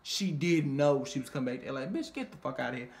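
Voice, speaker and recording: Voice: quick pace, vocal fry. A speaker reviewing a reality show episode in a casual, heavily profane way, leaning on "you know what I mean" and now and then jumping up into squealing impressions of the cast. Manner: animated, swears constantly, fillers like "you know what I mean"; jumps into high squealing impressions of others. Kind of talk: casual profane recap vlog.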